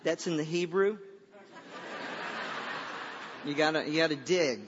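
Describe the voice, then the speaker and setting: A man's voice: fairly high pitch, measured pace, big-room sound, lo-fi sound, noisy background. A man preaching a sermon to a room of listeners, telling a story conversationally with many stammers and restarts.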